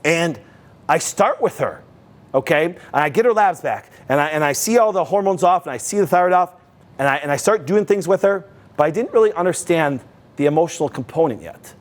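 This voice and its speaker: A man, a health practitioner hosting his show, telling a story to viewers in an animated, repetitive way and often calling them guys. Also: on the high side, brisk.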